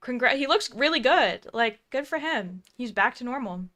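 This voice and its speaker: Blunt woman with a higher voice. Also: animated, normal speed, bright, forceful tone. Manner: blunt, exclamatory, casual swearing. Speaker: co-host. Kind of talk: casual reaction commentary.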